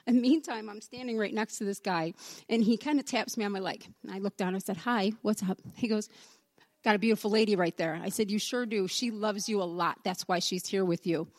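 A woman from the congregation tells a personal testimony as a relaxed story and acts out the dialogue as she goes. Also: mid-range voice, a little fast, no echo. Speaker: church member giving a testimony.

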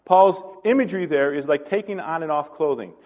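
A man's voice: fairly high pitch, a little fast, a little mellow, in a large hall. A male pastor preaching a conversational sermon, asking the congregation questions and adding self-deprecating asides.

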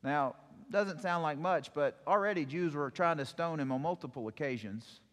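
A man's voice: a little high, normal speed. Man preaching in a reverberant hall. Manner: storytelling, animated retelling with acted quotes. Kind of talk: sermon.

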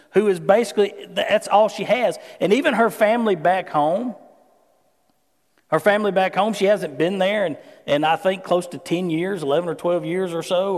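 A man delivers a relaxed, folksy sermon, moving from scripture into everyday stories. His voice sits high for a man. It rings out with a long hall reverb. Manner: conversational, folksy preaching with personal stories. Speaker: pastor.

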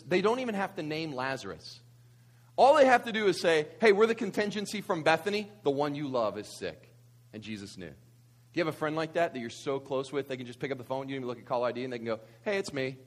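A man, preaching a conversational sermon full of rhetorical questions and asides. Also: a little high. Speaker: pastor.

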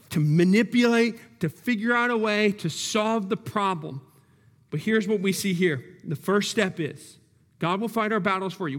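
Pastor, male, high voice, driving sermon delivery with repeated words and questions to the room, long hall reverb. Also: fairly bright tone. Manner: emphatic, repeats key words, asks the congregation questions.

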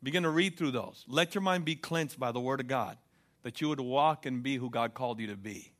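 Fervent preaching man, bright voice. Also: mid-range voice, fairly quick. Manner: fervent, rising to loud preaching; asks the congregation for responses. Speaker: pastor. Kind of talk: sermon.

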